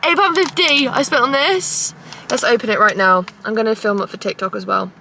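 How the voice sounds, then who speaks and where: A woman's voice: mid-range voice, brisk, gravelly. A young woman chatting casually while vlogging in her car, telling stories in a sweary, self-mocking way. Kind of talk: casual vlog chat. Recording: noisy car with traffic outside. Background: road and engine noise.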